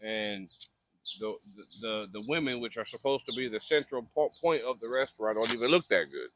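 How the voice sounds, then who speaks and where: A man's voice: medium pitch, brisk, noisy background. A young man from Michigan, co-hosting a casual chat outdoors by a fire, telling rambling stories full of restarts. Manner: rambling, animated storytelling with repeated restarts. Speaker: podcast co-host. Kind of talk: casual group banter.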